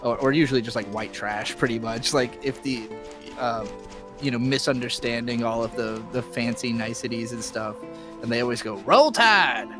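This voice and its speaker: A man's voice: mid-range voice, level tone, normal speed, music in the background. A man hosting a podcast in a casual chat, reading out chat comments and hunting for words as he goes. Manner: easygoing, trailing off and hunting for words.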